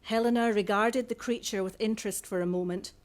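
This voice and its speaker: A woman's voice: medium pitch, fairly even intonation, a little fast. Woman author reading her novel aloud.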